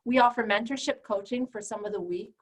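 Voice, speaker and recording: A woman coach and trainer focused on empowerment teaches a group call in a slightly high voice, speaking fairly quickly over poor audio. She is direct and emphatic, acting out the voices she quotes.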